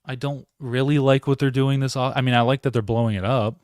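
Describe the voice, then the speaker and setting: A man's voice: mid-range voice, steady tone, fairly quick, a little mellow, clean tone, dry recording, clean studio sound. Rambling man hosting a live sports stream. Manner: rambling, self-interrupting, talks to chat. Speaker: podcast host.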